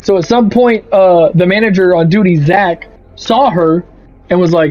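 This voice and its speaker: A young man streaming a game, telling a profane, animated story about a bad work shift. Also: high voice, moderate pace. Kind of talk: casual rant over gameplay. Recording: slightly muffled, faint music.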